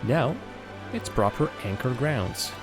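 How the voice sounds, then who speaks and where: A man's voice: medium pitch, lively intonation, takes it slowly, music in the background. A man chatting casually as he streams a city-building game live, thinking aloud with lots of fillers and poking fun at his own mistakes. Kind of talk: casual live gameplay commentary.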